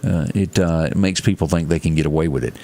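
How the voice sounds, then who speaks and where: A man's voice: deep voice, steady tone, fast talker, creaky, mellow. A man co-hosting a morning show, reading headlines in a folksy, chatty way with asides. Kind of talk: casual news chat.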